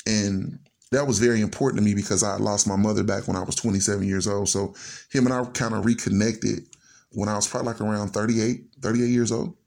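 Speaking briskly with vocal fry, a man whose voice is on the low side and a little mellow shares a heartfelt personal family story as a radio show guest. His intonation stays fairly even, and he keeps chaining his clauses with "and so."

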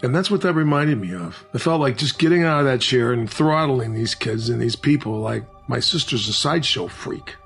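A man's voice: mid-range voice, expressive, creaky, fairly bright tone, faint music behind. Man telling an earnest personal story. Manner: earnest, halting, with restarts.

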